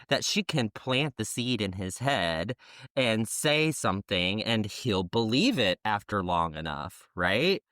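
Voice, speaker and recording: A man co-hosting a history podcast, playful and slangy as he chats. His voice sits fairly low. The recording is dry and close. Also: very animated, takes it slowly, fairly bright tone, no room sound. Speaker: podcast co-host. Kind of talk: casual history chat.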